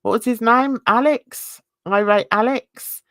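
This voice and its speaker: A woman's voice: a little high, a little slow, dry recording, studio quality. A woman with a North London accent mixed with rural Essex, hosting a casual livestream chat and talking easily with viewers, fond of British slang and endearments. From England. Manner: chatty, warm-hearted, uses British slang and endearments. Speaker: livestream host.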